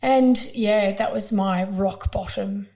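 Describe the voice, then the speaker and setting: A woman's voice: medium pitch, slow pace, dark tone. Frank, emotional Australian woman. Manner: frank and emotional, with blunt swearing. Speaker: podcast guest. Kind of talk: candid conversational storytelling.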